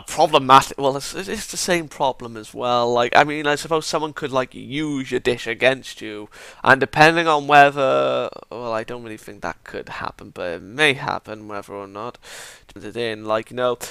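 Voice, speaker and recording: A man's voice: medium pitch, vocal fry, bright, forceful tone, clean tone, no echo. A man chatting casually through an anime review, rambling and acting out characters' lines as he retells scenes.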